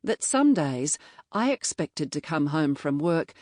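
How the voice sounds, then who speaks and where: Woman audiobook narrator, low voice, measured and reflective, dry close-miked studio sound. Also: big pitch swings, a little mellow, dry recording. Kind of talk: scripted first-person novel narration. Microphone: close studio mic.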